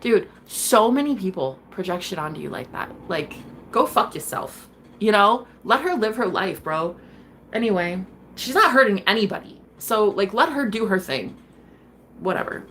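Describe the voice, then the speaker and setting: Woman streamer, casual tarot chat, rambling and profane, heated, mid-pitched. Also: lively intonation, normal speed, a bit bright, a little hiss or hum. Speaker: tarot reader hosting a live stream.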